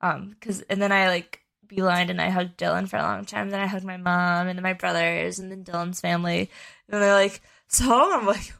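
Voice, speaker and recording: A woman's voice: lowish voice, little pitch movement, fairly quick, creaky, a bit bright. A woman in her twenties co-hosting a podcast, chatting casually and telling a long story with plenty of fillers and restarts. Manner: rambling storytelling with many fillers. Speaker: podcast co-host. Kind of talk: casual chat.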